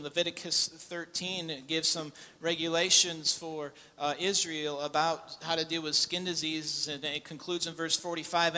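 A man preaching a sermon as pastor. He builds from quiet, grave passages to loud, impassioned preaching. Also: on the high side. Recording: long echo in a large hall.

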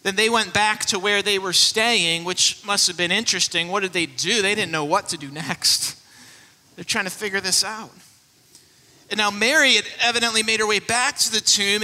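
A man's voice: extremely high pitch, pushed and bright, big-room sound. A man preaching a sermon as a pastor, telling the scripture story and acting out the voices in it.

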